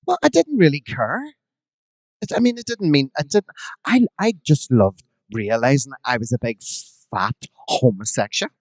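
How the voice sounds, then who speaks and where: A man's voice: mid-range voice, moderate pace, no room sound. Belfast guy in his 50s, cheeky drag queen telling rude stories, dry close mic. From Northern Ireland. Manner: bawdy, animated anecdotes with quoted voices. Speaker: drag performer guest. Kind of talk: live podcast storytelling. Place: live podcast stage, dry close mic.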